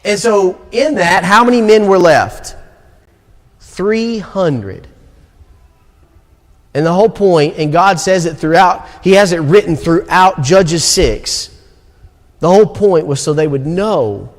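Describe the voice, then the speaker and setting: A young man with a Southern American accent preaching a sermon in a church sanctuary, moving between quick asides and slow, stressed phrases. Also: high voice. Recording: long reverb of a church hall.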